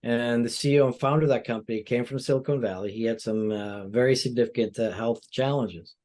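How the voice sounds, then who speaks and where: A man's voice: medium pitch, brisk, darkish tone. A male plastic surgeon giving explanatory interview answers with frequent "you know" fillers.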